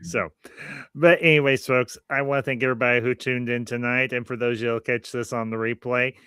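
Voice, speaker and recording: A man's voice: medium pitch, fairly even intonation, a little fast, bright, forceful tone, clean tone, no room sound, studio quality. A man hosting a casual podcast, rambling a little and repeating phrases as he thanks his viewers. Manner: friendly sign-off, thanking viewers. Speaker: podcast host.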